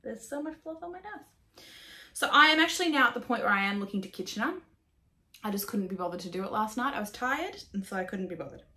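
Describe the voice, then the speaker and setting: A chatty Australian woman hosts a knitting podcast in a relaxed, casual way. She swears freely, pokes fun at herself and laughs often. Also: mid-range voice, fast talker. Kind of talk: casual chat.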